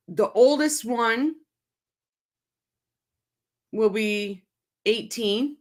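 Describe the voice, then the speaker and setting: A woman hosting a livestream, talking to her chat in a heated, swearing rant, angry and upset, speaking in short repeated bursts. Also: a little high. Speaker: channel host reacting to a court case. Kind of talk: livestream commentary, reading chat.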